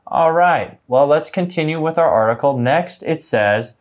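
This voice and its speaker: A man co-hosting an English lesson, reading example sentences slowly and clearly, then chatting casually. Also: fairly high pitch, animated. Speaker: English teacher co-host.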